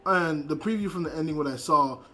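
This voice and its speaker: A man's voice: fairly high pitch, brisk, pushed and bright. A man giving a casual, rambling anime episode review, swearing and laughing as he retells scenes.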